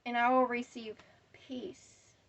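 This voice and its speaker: A woman's voice: fairly high pitch, flat delivery, slow pace, far from the mic, lo-fi sound. A woman delivering a defiant, profane rant straight to camera. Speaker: vlogger. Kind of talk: angry monologue to camera.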